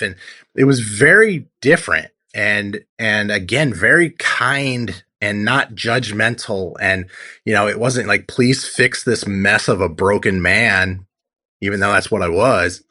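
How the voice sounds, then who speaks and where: Speaking on the low side with a bright, forceful tone, a man in his forties who works as a tattoo artist shares a sincere testimony during an interview. He tells it earnestly and performs his own past lines as he goes.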